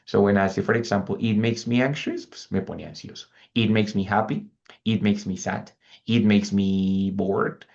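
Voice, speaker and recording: A man's voice: lowish voice, brisk, gravelly, dull audio. A male English teacher giving a lesson, patiently repeating example phrases and checking in with his students. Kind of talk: online language lesson, mixing English and Spanish.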